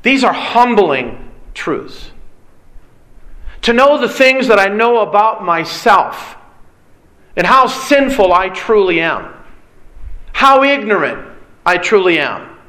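A man delivering a sermon in a high, bright, forceful voice. He preaches earnestly, leaning on repetition and deliberate pauses to drive each point home. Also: sing-song, rough recording.

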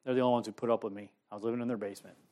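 Middle-aged male preacher, fast storytelling testimony, swings loud to hushed. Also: medium pitch, steady tone. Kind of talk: sermon testimony.

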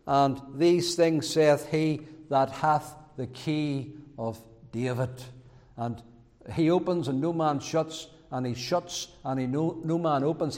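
A man preaching a sermon as pastor, in a measured way that repeats key phrases. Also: on the high side, darkish tone, big-room sound. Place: church.

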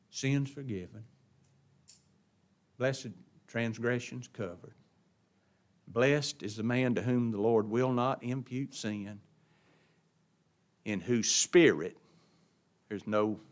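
A man preaching a sermon, swinging between loud emphatic stresses and quiet asides, often asking the congregation questions. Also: medium pitch.

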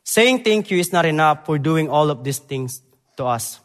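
Speaking in a church sanctuary with long reverb, a young Filipino preacher who graduated Bible college gives a sermon and missions presentation in halting English. His fairly high, expressive voice alternates loud emphasis with quiet earnestness.

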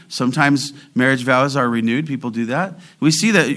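A man preaching an expository sermon, driving home key words with emphatic rises and reading scripture slowly and deliberately. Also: fairly high pitch, a bit bright. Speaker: pastor.

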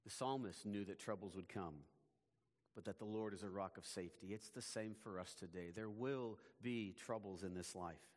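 A man preaching a sermon as pastor, in a measured, emphatic way, his phrases often falling away at the ends. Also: lowish voice, in a large hall.

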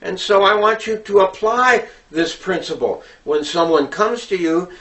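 A man gives an instructional talk on preaching in a deliberate, earnest way, often pausing with fillers. He speaks slowly in a somewhat high voice. The recording sounds distant, as if he stands well back from the microphone. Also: lively intonation, pushed and bright.

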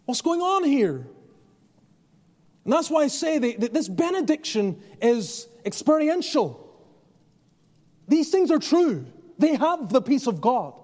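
A man's voice: very high-pitched, very animated, measured pace, a little mellow, big-room sound. A man preaching a sermon as pastor, earnest and conversational, often restarting his phrases. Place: church.

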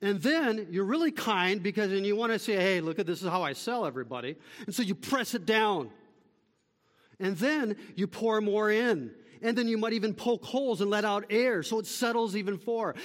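High-voiced preacher man, echoing hall. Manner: emphatic preaching, rising to calls then dropping to quiet, slow summaries. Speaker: pastor. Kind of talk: sermon.

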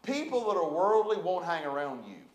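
A man's voice: sits high, sing-song, moderate pace, roomy sound. A man preaching a sermon as pastor, fervent and repetitive with emphatic delivery.

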